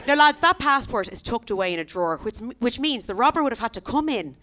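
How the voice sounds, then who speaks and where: A woman in her thirties with an Irish accent, performing a chatty, animated stand-up set on a comedy club stage, tossing quick asides to the crowd. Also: on the high side. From Ireland. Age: 30s.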